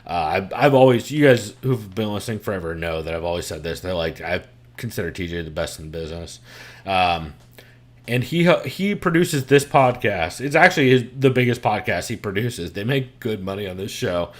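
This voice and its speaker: A man's voice: on the low side, brisk. A man hosting a podcast, chatting casually from his room at home, rambling, laughing often and swearing freely. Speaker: podcast host.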